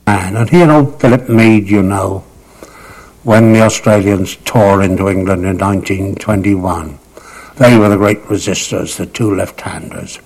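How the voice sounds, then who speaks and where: A man's voice: low-pitched, a little slow, darkish tone, breathy edge, low-quality recording. An older man recalling cricket memories in a vivid, dramatic storytelling manner, lingering on words for emphasis. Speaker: cricket raconteur. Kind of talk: anecdotal reminiscence.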